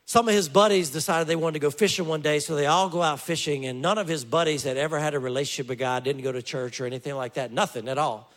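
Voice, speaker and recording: Lively storytelling pastor, a man. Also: on the high side, fast talker, hardly any pauses. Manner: lively storytelling with joking asides. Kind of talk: sermon.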